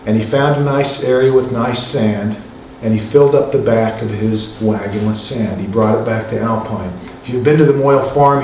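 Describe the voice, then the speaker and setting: A man's voice: medium pitch, a little mellow, slight background noise. A man, a filmmaker, telling stories to an audience in a chatty, joking way with asides to the listeners. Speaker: filmmaker giving a talk. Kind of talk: storytelling talk to an audience. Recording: echoey hall, mic far off.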